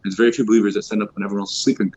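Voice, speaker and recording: A husky, slightly low-voiced man rattles off a casual religious lesson for young people at a very fast clip, full of "you know" and "like." The recording is dull and lo-fi. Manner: fast, informal, many fillers like "you know" and "like"; acts out quoted speech in lively voices. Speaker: youth halaqah teacher. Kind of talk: casual religious talk to youth. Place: mosque hall.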